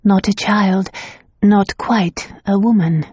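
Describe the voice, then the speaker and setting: A woman voicing a composed, dignified young woman in her twenties applying to be a governess, speaking calmly and formally. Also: medium pitch, slow, slightly rough, dry recording, studio quality. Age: 20s. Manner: calm, formal and poised.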